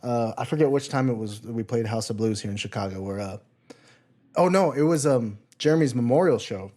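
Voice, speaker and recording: A man's voice: medium pitch, fairly quick, a little mellow. Chatty male podcast host. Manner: chatty storyteller, acts out quotes. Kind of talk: casual podcast chat.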